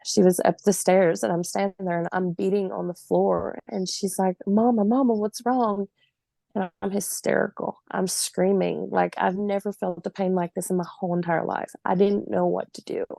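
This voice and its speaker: A woman in her forties recounts her own story as a podcast guest. Her voice has a gravelly, fried edge, and her telling is vivid and emphatic, with the odd laugh. The recording is dry and close, with no room sound. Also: fairly low pitch, flat delivery, moderate pace, few pauses, dark tone, no room sound.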